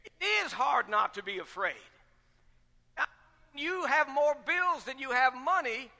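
A man's voice: very high-pitched, expressive, measured pace, sharp tone. A man pastor preaching a sermon with fervent, repetitive rhetorical questions. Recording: long reverb of a large hall.

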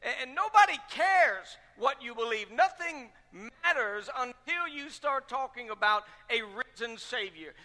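A man's voice: extremely high pitch, expressive, measured pace, few pauses, pushed and bright. A man pastor preaching a sermon with fervent, repetitive rhetorical questions. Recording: long reverb of a large hall.

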